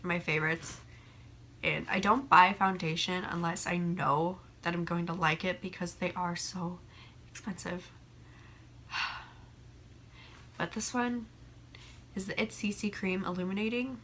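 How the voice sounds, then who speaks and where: A young woman with a hoarse voice from a cold, chatting casually and rambling as a beauty vlogger by a window. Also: fairly low pitch, a bit bright, slight background noise. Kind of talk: casual chat. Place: room by a window.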